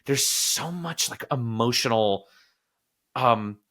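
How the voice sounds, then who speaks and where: Bright-voiced man hosting a film podcast. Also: medium pitch, slow pace. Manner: animated, often quoting characters in little acted voices. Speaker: podcast host. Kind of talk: casual film discussion.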